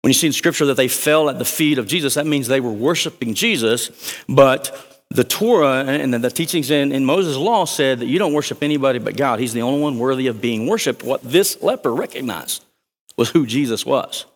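A man preaching a sermon as a pastor, energetic and conversational, with jokes and asides to the congregation. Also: medium pitch, brisk. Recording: long reverb of a large hall.

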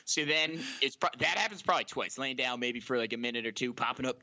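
A young man telling a funny story on a podcast, acting out the quoted lines with loud, animated voices. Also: mid-range voice, quick pace, few pauses. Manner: animated, acts out quotes loudly. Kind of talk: comedic storytelling.

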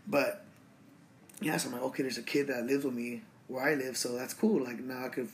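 A man's voice: medium pitch, fairly even intonation, brisk, a little hiss or hum. A man in his twenties from Los Angeles, casually telling a rambling story full of fillers and swearing. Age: 20s. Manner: rambling, profane, lots of fillers and restarts.

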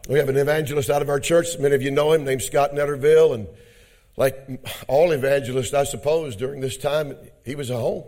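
A middle-aged pastor preaching a sermon, telling a story in a low, quiet voice and then rising to loud shouted exhortation. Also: male voice, steady tone, brisk. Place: church conference hall.

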